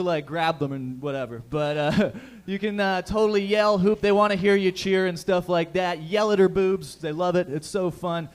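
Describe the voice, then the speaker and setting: A young man hosting a stand-up comedy show in a bar, brash and profane with loud crowd work, on a stage mic. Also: high-pitched.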